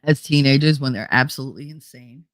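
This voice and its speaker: A woman with a bass voice talks fast while hosting a casual livestream chat, with no room sound. She's blunt and swears plenty, answering viewers and acting out the people she quotes.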